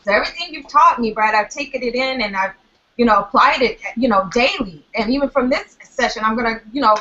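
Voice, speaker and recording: A woman from Minnesota, a singer, telling lively stories in a casual chat over a video call. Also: fairly high pitch, brisk. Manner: lively, laughing storyteller. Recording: dull lo-fi online call audio.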